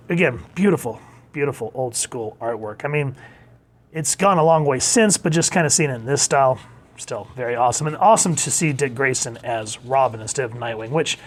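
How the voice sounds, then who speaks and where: A man in his thirties casually reviewing an old comic book, enthusiastic and playful, reading bits aloud with funny voices. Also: mid-range voice.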